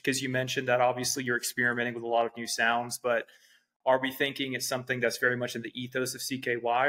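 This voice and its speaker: A man's voice: medium pitch, pushed and bright. A man hosting a podcast, asking polite, structured interview questions. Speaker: podcast host.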